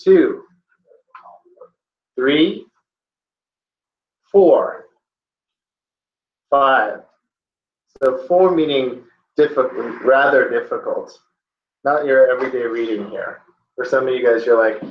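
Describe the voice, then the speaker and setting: A man's voice: medium pitch, slow, long pauses, slight background noise. A man teaching a classroom lesson, joking with the class as he talks. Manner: joking, playful asides. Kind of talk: classroom lecture. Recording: dull, roomy classroom audio.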